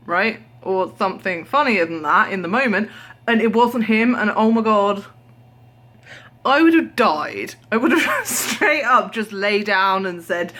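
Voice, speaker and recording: A tired young British woman vlogs from home with her camera held at arm's length, chatting casually in a mid-range, fairly bright voice at a moderate pace. She tells stories animatedly, acting out voices and sometimes dropping to a whisper.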